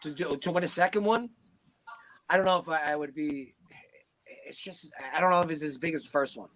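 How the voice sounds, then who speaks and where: A man from Philadelphia chatting on a podcast, talking quickly, laughing often and swearing freely. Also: on the high side, a bit bright. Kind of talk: casual fan chat.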